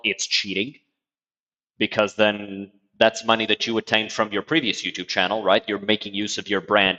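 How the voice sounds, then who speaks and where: A man's voice: fairly low pitch, fairly bright tone, long reverb tail, lo-fi sound. A man giving casual, skeptical reaction commentary while he watches a video, often talking over it.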